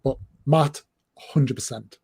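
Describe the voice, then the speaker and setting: A man's voice: medium pitch, slow, a little mellow, husky. A man from northeast England with a northeast English accent, hosting a casual livestream chat and rambling along with lots of fillers and restarts. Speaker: host.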